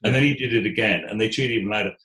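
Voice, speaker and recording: A British theatre executive in his sixties telling stories in an interview, animated, often restarting words and quoting voices. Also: fairly low pitch, racing, echoey room, rough recording. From Britain. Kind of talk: conversational storytelling.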